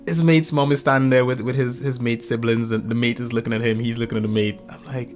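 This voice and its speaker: A podcast guest with a medium-pitched male voice talks fast over soft background music. He's an animated storyteller in a casual chat, acting out the voices and quotes in his stories.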